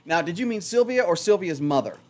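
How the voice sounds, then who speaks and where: Lively, chatty male radio host. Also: sits high, a little fast. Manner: rambling, self-mocking, chatty. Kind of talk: casual radio chat. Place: radio studio.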